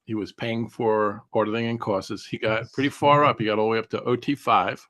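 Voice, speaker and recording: A middle-aged man co-hosting a live Q&A stream, speaking in a measured, earnest way as he explains things step by step. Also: lowish voice, steady tone, fairly bright tone. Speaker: co-host.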